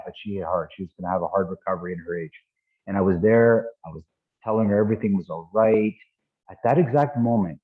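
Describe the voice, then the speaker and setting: A man in his fifties gives an online training talk with a somewhat low voice. He speaks conversationally, often repeating himself and checking in with the group. The sound is thin and phone-like, as if over a video call. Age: 50s. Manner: conversational, repeats words, asks "right?". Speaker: martial arts instructor. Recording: tinny phone-like call audio.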